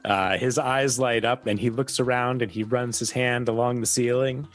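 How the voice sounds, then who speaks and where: A man narrating as game master of a tabletop game, relaxed and descriptive. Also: medium pitch, moderate pace, few pauses, faint music behind.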